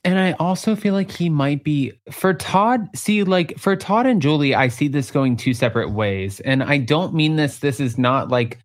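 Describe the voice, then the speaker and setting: A man's voice: on the high side, expressive, normal speed, few pauses. A man hosting a casual interview, asking curious, jokey questions. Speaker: host.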